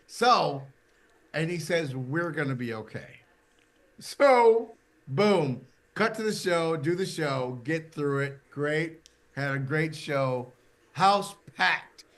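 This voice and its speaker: A man's voice: a little high, takes it slowly. A middle-aged man, a podcast guest, telling a stage anecdote in casual chat and acting out the voices he quotes. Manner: animated anecdote teller, acts out quoted voices.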